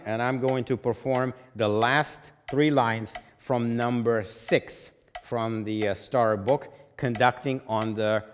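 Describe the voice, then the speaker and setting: A man's voice: medium pitch, in a large hall, a little hiss or hum. A man teaching a music theory lesson, explaining patiently and checking in with "okay?" after each point.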